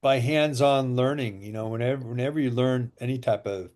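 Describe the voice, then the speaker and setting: A man's voice: mid-range voice, brisk. A man guest in a casual interview, telling sales stories and acting out what people said. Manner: animated storyteller acting out quotes. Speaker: interview guest, water machine seller.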